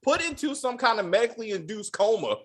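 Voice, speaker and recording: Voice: mid-range voice, very animated, fast, a bit bright. A podcast host ranting casually and with a lot of profanity while reviewing a TV episode. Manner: profane, exasperated ranting with acted-out quotes.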